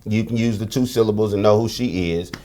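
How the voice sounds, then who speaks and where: A middle-aged American man appears as a podcast guest, speaking fairly quickly in a lowish, warm voice. In this candid conversational interview, he tells stories frankly and animatedly, using slang and profanity.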